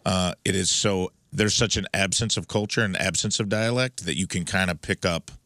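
A man from the Midwest co-hosting a radio show, riffing with opinionated, animated remarks. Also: low-pitched, moderate pace, dry recording. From American Midwest. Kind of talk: casual radio banter.

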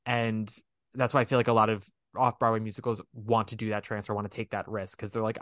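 A man chatting casually as a podcast host, rambling and animated, with a self-deprecating, frank manner. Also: fairly low pitch, quick pace, no echo, clean studio sound. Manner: swears casually. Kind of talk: casual chat.

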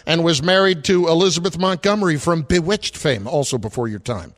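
A man's voice: a little high, fairly quick. A man hosting sports talk radio, running a quiz with teasing, dry banter into a studio microphone.

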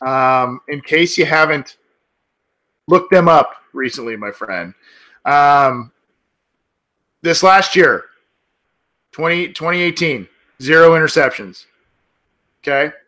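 A male podcast host in loose, casual sports talk, full of ums and restarts. His voice is bright and forward, and it sits a little above the usual male pitch. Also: unhurried, pauses often. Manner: chatty, many fillers and restarts.

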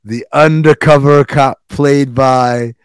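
A man talks through the latest episodes with his co-hosts, swearing freely and getting animated as he goes. His voice sits mid-range and sounds dry and close to the mic. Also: slow pace, clean tone, no echo. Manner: animated, swearing, jumps into high voices for quotes. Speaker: podcast co-host. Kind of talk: casual recap chat.

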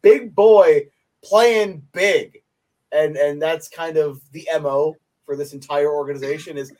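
A young man co-hosting a sports podcast, his voice sitting a little higher than most men's. He talks in a loose, playful way, cracking jokes and breaking into laughter often. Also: a little slow, a little mellow. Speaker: podcast co-host. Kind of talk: casual chat.

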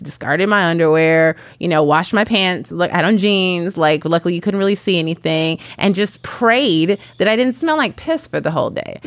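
A woman in her thirties from Chicago, telling a self-mocking story in an animated, casual way. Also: low-pitched, creaky, no room sound. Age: 30s. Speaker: podcast guest.

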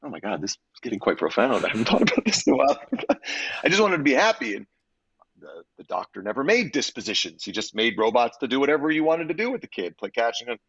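A male actor tells stories from his career in a chatty interview. He is animated and expressive, doubling back on phrases as he goes, and laughs easily. The recording is dry and a little muffled. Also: mid-range voice, fast, gravelly, breathy edge, dry recording. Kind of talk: conversational interview storytelling. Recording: slightly dull, dry audio.

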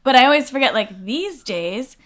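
A middle-aged actress from Massachusetts, chatting as an interview guest, self-deprecating and full of fillers. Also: female voice, high-pitched, animated, normal speed, fairly bright tone. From Lexington, Massachusetts. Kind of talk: casual interview chat.

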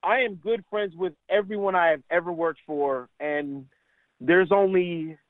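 A middle-aged man, a caddie and stand-up comedian, telling animated, laughing stories as a radio interview guest. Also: high voice, measured pace, no room sound. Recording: tinny phone line, dry.

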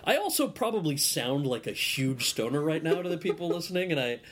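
A man's voice: fairly high pitch, big pitch swings, a little fast, a bit bright. Rambling man telling a podcast story. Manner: rambling storyteller with many restarts. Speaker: guest. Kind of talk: casual podcast interview.

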